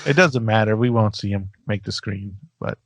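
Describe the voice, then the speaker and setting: Low-voiced man chatting hesitantly. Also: normal speed, a bit bright, dry recording. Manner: hesitant, many fillers, easygoing. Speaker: podcast co-host. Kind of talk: casual chat.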